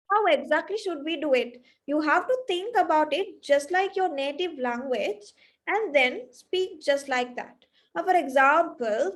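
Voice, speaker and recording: High-voiced Sri Lankan woman teaching English. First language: Sinhala. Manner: explanatory, often checks with "right?" and starts with "now". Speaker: English tutor. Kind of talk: online spoken English lesson.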